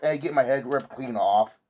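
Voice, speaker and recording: A man's voice: medium pitch, normal speed, dark tone, slight background noise. A man vlogging while he sews, telling a meandering story in an offhand way and swearing casually.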